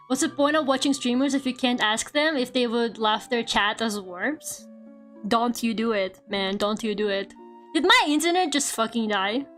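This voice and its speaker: A young woman streamer chatting casually with her chat, animated, laughing often and swearing freely. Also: fairly high pitch, unhurried. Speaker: VTuber art streamer. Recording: faint music behind. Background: faint background music.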